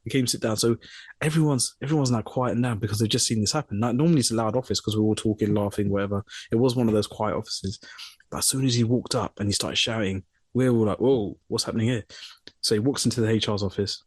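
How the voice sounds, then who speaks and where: A man's voice: lowish voice, fast, slightly rough, dry recording, clean studio sound. A young man co-hosting a podcast, casually telling a funny work story and acting out the people in it. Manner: animated storyteller, mimics voices in quotes. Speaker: podcast co-host.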